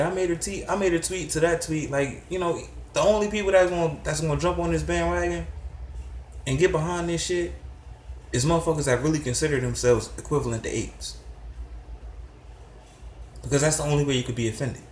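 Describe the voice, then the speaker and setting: A man's voice: a little high, steady tone, brisk, long pauses, echoey room, a little hiss or hum. A middle-aged man giving a heated, profane commentary rant that rises into disbelieving outbursts. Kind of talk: ranting commentary.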